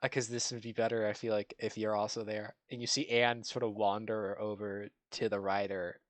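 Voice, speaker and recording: A man running a tabletop game as game master, relaxed and pausing often with fillers. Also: on the low side, no echo. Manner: relaxed, with frequent fillers and pauses.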